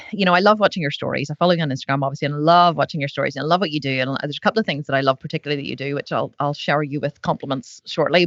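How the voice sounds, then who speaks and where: A woman's voice: low-pitched, fairly bright tone, dry recording, highs cut off. A woman hosting a podcast in casual chat, rambling with lots of fillers as she talks to her guest. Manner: rambling, fast and chatty, full of fillers. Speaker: podcast host.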